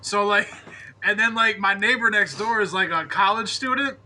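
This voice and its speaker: A man's voice: high-pitched, moderate pace, pushed and bright, a little hiss or hum. A man on a podcast in loose, profane, self-mocking casual chat. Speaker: podcast co-host.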